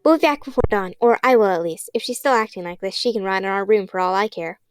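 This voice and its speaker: A woman's voice: medium pitch, quick pace, clear, resonant tone, dry recording, natural voice. A woman reading the part of a tough, impatient young girl who talks bluntly.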